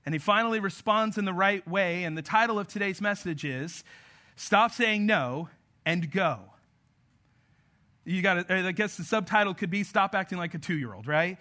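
A man's voice: high-pitched, normal speed, pushed and bright. A man in his thirties preaching a sermon, talking with the congregation in a conversational, joking way. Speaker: pastor.

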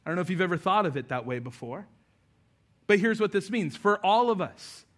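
A male pastor preaching a sermon in a conversational, animated, self-deprecating way. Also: high voice, brisk.

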